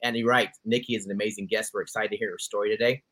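A man's voice: lowish voice, level tone, rapid-fire, fairly bright tone, husky. A man co-hosting a podcast in casual chat, enthusiastic and easily sidetracked as he welcomes a guest. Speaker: podcast co-host.

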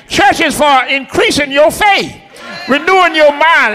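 A man preaching a sermon from the pulpit, shouting in a rhythmic, chanting cadence inside a church. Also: extremely high pitch. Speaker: pastor. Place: church sanctuary. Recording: long echoey church hall.

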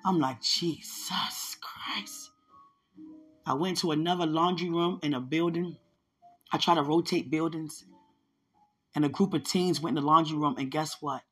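Husky woman telling her own testimony on a podcast, earnest and chatty, keeps talking right to the listener, faint music under her. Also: low voice, normal speed, fairly bright tone. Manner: earnest, conversational, addresses listeners directly. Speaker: podcast host sharing a testimony. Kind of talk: personal testimony storytelling.

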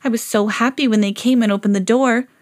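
A woman's voice: a little high, fairly quick, close to an everyday voice. A woman reading a children's storybook aloud as a lovable, eager female pet dog. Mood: earnest. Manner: earnest storybook reading, rising excitedly.

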